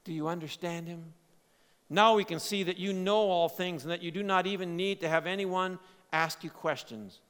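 A man preaching a sermon, swinging between loud emphatic lines and quiet, low asides. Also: moderate pace, clean tone. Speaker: pastor. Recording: long hall reverb.

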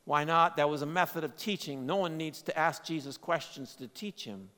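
Man, pastor, sermon, loud emphasis then quiet asides, bright voice, reverberant hall. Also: on the high side, moderate pace.

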